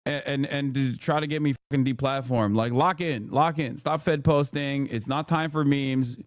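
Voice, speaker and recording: A man's voice: mid-range voice, steady tone, moderate pace, dry recording, studio quality. A male streamer ranting at his chat, heated and profane, often restarting his sentences. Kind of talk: livestream rant to chat.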